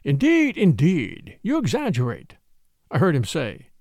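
An unctuous, self-righteous gentleman speaks with earnest warmth, voiced by a male reader. His pitch lifts and falls freely. The sound is dry and close. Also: huge pitch swings, a little slow, dry recording, exaggerated voice. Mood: soothing. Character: smooth pious gentleman, self-righteous charmer.

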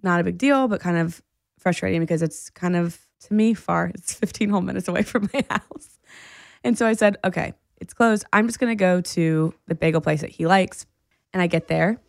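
A woman co-hosting a podcast, telling a story in casual chat, animated and laughing often. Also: fairly low pitch, creaky, no echo, studio quality. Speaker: podcast co-host.

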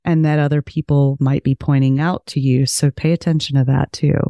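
A woman with a low-toned voice, a podcast guest telling a story in casual conversation. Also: level tone, fairly quick, dark tone, dry recording.

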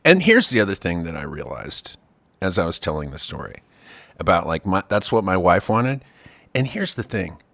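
A man co-hosting a casual chat, telling stories in an animated, profane way. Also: deep voice, normal speed, creaky, dry recording. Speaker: podcast co-host.

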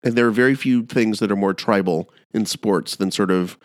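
Rambling, animated low-voiced man. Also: moderate pace, no echo, clean studio sound. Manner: animated, rambling, restarts a lot. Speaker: podcast co-host. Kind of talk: casual podcast chat.

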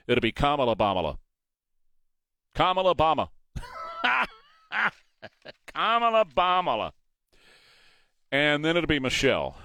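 A man's voice: mid-range voice, fairly bright tone, no echo. A man hosting a morning talk radio show, opinionated and mocking.

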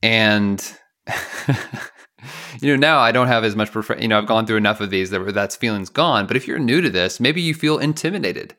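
A man's voice: lowish voice, moderate pace, bright, forceful tone. A man co-hosting a podcast in casual chat, playful, laughing often and explaining things step by step. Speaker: podcast co-host.

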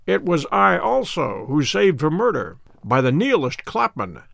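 A man's voice: on the high side, wildly swooping pitch, normal speed, gravelly, fairly bright tone, no room sound, heavily acted. Brief: man voicing a witty, unruffled detective; dry, polite irony, dry close recording. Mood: wry. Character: calm, witty, self-assured male detective.

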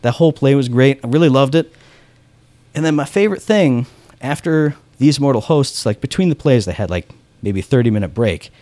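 A man's voice: mid-range voice, animated, a little fast, warm tone, dry recording. Man, podcast host, casual and enthusiastic, mid-range voice, dry close mic, acts out bits of dialogue. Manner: enthusiastic, heavy use of "like"; acts out remembered dialogue in his stories. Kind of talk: casual chat.

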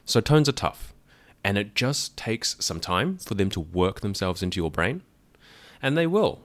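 A man hosting a podcast, explaining a language in a clear, methodical way with dry asides. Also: lowish voice, big pitch swings, a little slow, no echo. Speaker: podcast host teaching about a language.

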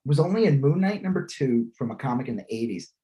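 A man's voice: mid-range voice, very animated, fast, warm tone. Rambling, laughing podcast co-host, man. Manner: rambling, lots of fillers and laughs. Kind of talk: casual chat.

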